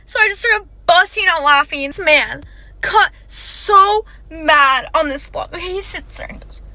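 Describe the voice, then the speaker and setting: Young woman, casual storytime, very high voice, animated and quick. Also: no room sound. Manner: animated and fast, with frequent "like" and "okay".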